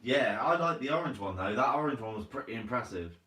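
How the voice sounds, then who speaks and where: Here a fast-talking man with a mid-range, slightly bright voice and lively intonation runs a casual live stream. He reads viewer comments aloud, laughs often, says "mate" constantly and stays laid-back, with roomy sound from a far-off mic.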